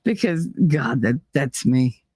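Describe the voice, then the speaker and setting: A woman's voice: sits low, measured pace, a little mellow, no room sound. A middle-aged woman hosting a casual solo talk show, blunt and opinionated, swearing freely and laughing often. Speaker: podcast host.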